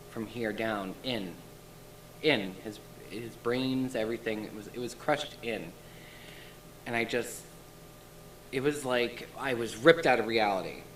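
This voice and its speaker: A man telling a painful personal story as a guest, his voice bright and forceful at a middle pitch. He speaks in an intense, shaken way, pressing through each detail, with a faint hiss of noise underneath. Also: poor audio. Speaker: interview guest. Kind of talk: emotional first-person testimony.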